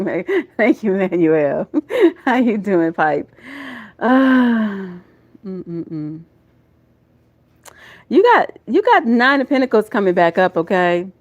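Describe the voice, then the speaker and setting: A woman's voice: fairly low pitch, muffled recording. A woman with a Southern US accent doing a live tarot reading. She talks to her viewers in a folksy, emotional way and calls them y'all and baby. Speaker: tarot reader.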